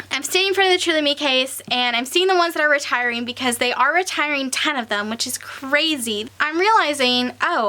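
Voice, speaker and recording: Young woman vlogger, high and bright voice, rambling casual chat that turns tearful. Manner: rambling, lots of fillers, tearful and emotional. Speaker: doll collector vlogger.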